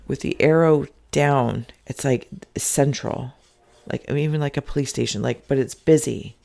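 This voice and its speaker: A spirit reader hosts an inkblot reading, channeling spirits in freely spoken, loose, repetitive phrases with many fillers. Her gravelly, fry-edged voice sits at an ordinary middle pitch and moves at a moderate pace. The talk turns emotional and often sinks into soft half-whispers.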